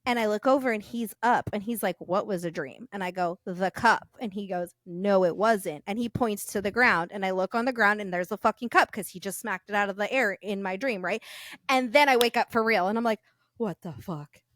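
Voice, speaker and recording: A woman in her thirties co-hosting a podcast, telling a story in lively, swearing casual chat and acting out the voices in it. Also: mid-range voice, quick pace, no echo, clean studio sound. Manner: animated, swearing, acts out dialogue in her story. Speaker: podcast co-host.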